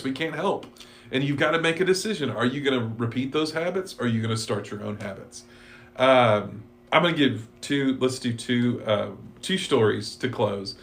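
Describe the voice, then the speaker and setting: A man's voice: medium pitch, fairly bright tone. A man teaching a church Bible class, talking conversationally and reading scripture and quotes aloud. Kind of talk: casual Bible study discussion.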